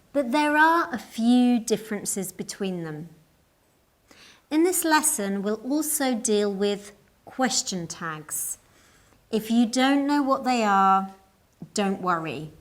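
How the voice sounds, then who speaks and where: A woman narrating a scripted English lesson in a slow, clear and deliberate teaching voice. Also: medium pitch.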